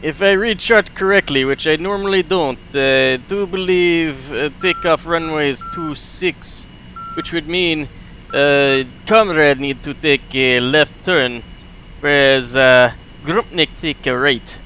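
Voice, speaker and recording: A man's voice: a little high, a little hiss or hum. A man putting on a bragging Soviet pilot with a thick fake Russian accent. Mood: jovial. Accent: put-on Russian. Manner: broken grammar, halting with "uh", louder than his own talk. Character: boastful male Soviet pilot comrade. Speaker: streamer playing a flight sim.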